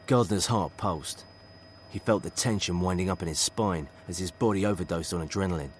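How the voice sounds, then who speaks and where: A man reading a thriller audiobook in a steady, measured narration. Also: sits low, slight background noise. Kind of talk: scripted narration.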